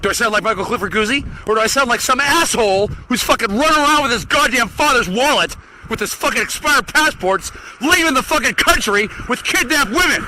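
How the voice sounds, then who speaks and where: A man's voice: very high voice, expressive, fairly quick, sharp tone, a little hiss or hum, rough recording. A man delivering an angry, profane solo rant through a vocoder, swearing constantly. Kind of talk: solo ranting monologue.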